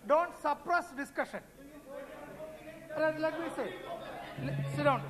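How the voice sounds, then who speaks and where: Insistent Indian-accented parliamentarian, high voice. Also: male voice, lively intonation, measured pace, in a large hall, a crowd in the background, poor audio. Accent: Indian English. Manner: insistent, repeats himself over interruptions. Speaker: member of parliament. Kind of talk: parliamentary debate speech. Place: large parliament chamber.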